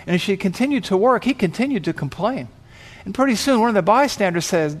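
Guy preaching, slightly high voice, tells the story dramatic, acts out the voices. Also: animated, fast talker. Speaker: pastor. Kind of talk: sermon illustration storytelling.

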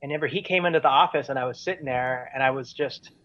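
A man's voice: medium pitch, fast, no room sound, highs cut off. A man telling stories as a guest in an interview, rambling with many fillers and restarts. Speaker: touring musician guest. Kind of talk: casual storytelling in an interview.

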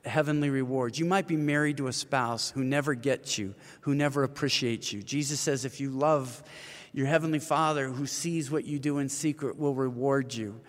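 A man's voice: mid-range voice, normal speed. Earnest man in his fifties, roomy reverb. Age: 50s. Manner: earnest storyteller, acts out quoted voices. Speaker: author and ministry leader. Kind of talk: interview conversation.

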